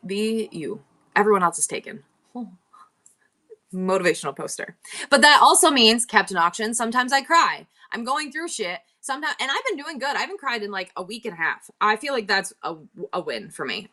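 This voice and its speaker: A woman's voice: mid-range voice, pushed and bright. A middle-aged woman hosting a live selling stream, talking candidly and rambling with frequent laughs. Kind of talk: casual live-stream chat.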